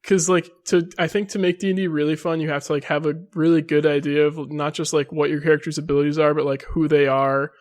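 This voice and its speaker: A young man with a fairly high voice chats casually on a podcast. He is hesitant and pads nearly every phrase with "like". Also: little pitch movement, fast talker, hardly any pauses, a little mellow. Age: young adult. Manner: hesitant, heavy use of "like". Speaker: podcast co-host. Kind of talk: casual chat.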